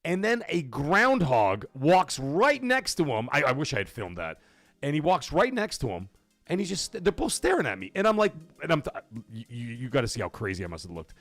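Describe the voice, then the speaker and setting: A middle-aged man from Canada hosting a live gaming stream, telling stories in a rambling way, cursing freely and getting loud when he is excited. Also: fairly high pitch, fairly quick, no room sound, faint music behind. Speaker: livestream host. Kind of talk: casual live-stream chat.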